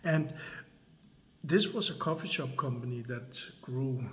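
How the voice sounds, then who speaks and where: A man, telling a personal story slowly and deliberately, with long pauses between phrases. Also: medium pitch. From Denmark. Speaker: creator and coach. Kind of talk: slow dramatic storytelling.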